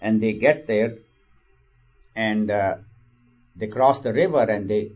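A man's voice: on the low side, slow, darkish tone. A man giving a spiritual discourse. He speaks in a conversational way, repeats phrases and tells a parable. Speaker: spiritual teacher.

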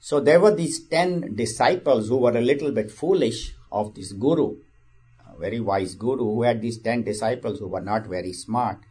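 A man's voice: mid-range voice, moderate pace, mellow, breathy edge. A man giving a spiritual discourse. He speaks in a conversational way, repeats phrases and tells a parable. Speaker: spiritual teacher.

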